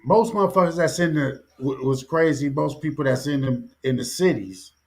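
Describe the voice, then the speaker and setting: A man's voice: on the high side, lively intonation, normal speed. A man in a casual talk show chat, speaking loosely and rambling. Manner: loose, rambling, laughs along.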